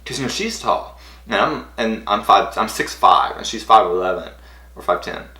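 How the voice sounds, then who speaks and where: Speaking at a moderate pace in a lowish, expressive voice that sounds pushed and bright, a vlogger eagerly recounts a personal story on camera. His casual telling wanders and is packed with "like," and the room echoes noticeably.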